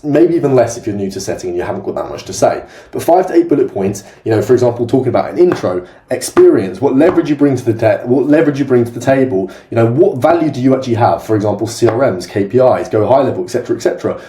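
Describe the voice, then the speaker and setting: A man's voice: mid-range voice, warm tone. A young man coaching in a casual, blunt and direct way. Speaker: sales coach. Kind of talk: casual talking-head tutorial. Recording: roomy echo.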